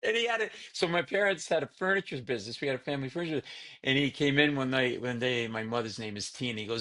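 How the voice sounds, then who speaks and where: A man spins family anecdotes in conversation, his voice rising and dropping as he acts out relatives. He talks in quick bursts with plenty of fillers and restarts. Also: medium pitch. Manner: animated storyteller who acts out family characters. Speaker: comedian guest. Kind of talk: storytelling in casual conversation.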